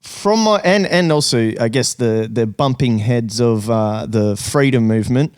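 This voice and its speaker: Slow, halting man hosting. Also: medium pitch, a little mellow, smooth, no room sound, clean studio sound. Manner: halting, filler-heavy questions. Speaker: podcast host. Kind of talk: casual interview.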